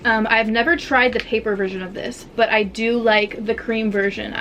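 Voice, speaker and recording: A young woman talks casually into her camera at home, her voice sitting a little high. She keeps dropping in "like" and "literally" as she chats along. A faint hum of room ambience sits behind her. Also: steady tone, moderate pace, fairly bright tone, dull audio. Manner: chatty, heavy use of "like" and "literally". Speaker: vlogger. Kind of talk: casual vlog chat. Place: home, bedroom and bathroom.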